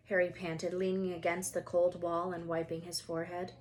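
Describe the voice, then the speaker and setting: A woman teacher reading a children's novel aloud with expressive, lively storytelling. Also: fairly low pitch, moderate pace.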